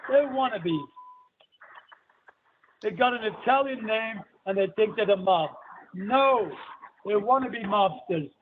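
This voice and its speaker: A man telling crude stories and bossing the others around on a call-in show, swearing freely. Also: sits high. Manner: profane, storytelling, bossy. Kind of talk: crude casual call-in banter. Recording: tinny phone line with faint hiss.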